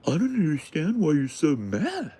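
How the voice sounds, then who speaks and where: A man's voice: a little high, wildly swooping pitch, normal speed, dark tone, husky, voice pushed up, full character voice. A man voicing a touchy, skinny young man who swears shrilly and flies into indignant rage. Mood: whiny innocence.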